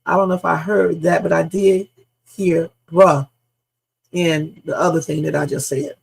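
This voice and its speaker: Gravelly, husky woman livestream host. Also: low voice, fairly even intonation, measured pace, a little mellow, poor audio. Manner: emphatic, speculative, repeats points with slang. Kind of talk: live reaction commentary.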